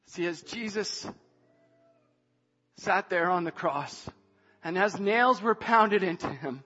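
A man preaching a sermon who moves from hushed scripture reading to shouted emphasis. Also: sits high, animated, slow, pauses often. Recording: dull sound, long hall reverb, faint music.

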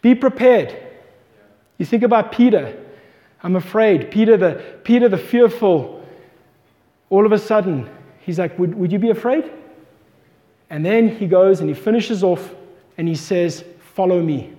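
Unhurried and mellow, with long pauses, a high-pitched male pastor delivers a sermon. He retells a scripture story with passion and asks his listeners questions, all under long hall reverb.

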